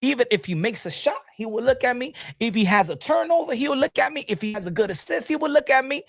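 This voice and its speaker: A middle-aged man hosting a casual boxing talk show, animated and repetitive, talking straight to his viewers in the chat. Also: very high-pitched, fast talker, no echo, studio quality. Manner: animated, repeats himself, addresses folks in the chat.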